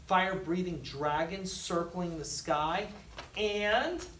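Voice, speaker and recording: A storybook reader voicing a young boy who brags but is quickly scared, speaking in an excited voice that jumps up in pitch. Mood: boastful. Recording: echoey room, distant mic, faint noise.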